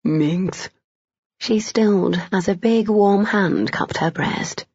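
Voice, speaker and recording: A woman reading a romance novel aloud as an audiobook narrator, steady and even. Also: mid-range voice, slow pace, slightly rough, no echo. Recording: dull, dry, lo-fi.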